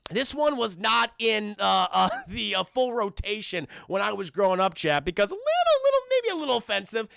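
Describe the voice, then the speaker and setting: A man's voice: high-pitched, normal speed, vocal fry, pushed and bright, clear, resonant tone, no room sound, clean studio sound. A man casually recapping a cartoon episode for his live chat, rambling and profane, talking straight to the viewers. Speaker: streamer reviewing a cartoon.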